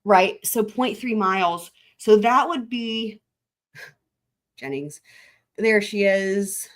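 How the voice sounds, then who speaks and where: A woman's voice: mid-range voice, extremely slow. A woman hosting a live stream, talking her way through maps in casual, rambling commentary with frequent swearing and restarts. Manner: rambling, profane, thinking aloud with frequent "like" and restarts. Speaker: livestream host.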